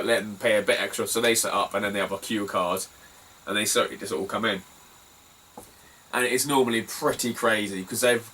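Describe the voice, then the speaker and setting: A man, chatting casually in a vlog about hunting for retro games at car boot sales, laughing often and swearing offhand. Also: mid-range voice. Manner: chatty, laughs often, swears casually, animated when telling a funny story. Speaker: retro game collector vlogger. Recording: somewhat distant mic, faint ambient noise.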